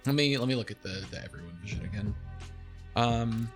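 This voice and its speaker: A young man streaming, casually talking through a replay of his own game, animated and self-deprecating, laughing often. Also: mid-range voice, brisk, soft background music.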